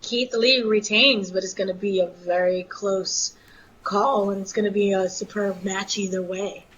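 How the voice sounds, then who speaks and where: A woman's voice: medium pitch, fairly even intonation, unhurried, fairly bright tone, muffled recording, slight background noise. A woman co-hosting a casual podcast, brief and matter-of-fact. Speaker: podcast co-host.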